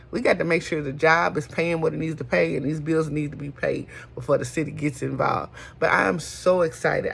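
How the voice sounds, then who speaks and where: A woman's voice: sits low, vocal fry, slightly rough. A middle-aged woman, hosting a folksy casual chat and calling listeners honey. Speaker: host.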